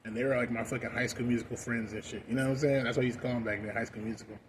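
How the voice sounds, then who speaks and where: Young man, mid-pitch, stoned casual rant, profane, uneven volume, faint noise. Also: fairly even intonation, very fast. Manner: profane and rambling, loud bursts then mumbling. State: high. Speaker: vlogger.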